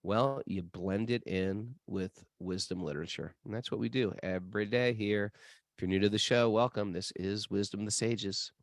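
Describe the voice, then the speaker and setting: Male podcast host, low voice, dry close sound, playful talker who stumbles and restarts. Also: moderate pace, no room sound. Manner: chatty, many restarts, playful. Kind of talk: casual podcast chat.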